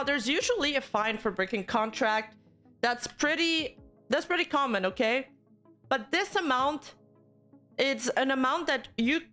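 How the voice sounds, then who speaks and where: A woman's voice: on the high side, fairly bright tone. A woman VTuber streamer talking to her chat live, heated and swearing as she rants. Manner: heated, swearing, talks fast in bursts. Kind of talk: live stream commentary rant.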